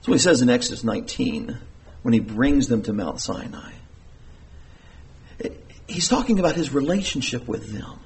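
A man's voice: sing-song, normal speed, long pauses. Earnest man preaching a sermon. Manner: earnest, emphatic preaching with sudden rises in pitch. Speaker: pastor.

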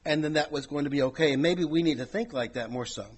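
Guy preaching a sermon, husky voice a bit on the high side, chatty with lots of asides. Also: quick pace. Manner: conversational preaching with many "you know" asides, swelling and dropping in volume.

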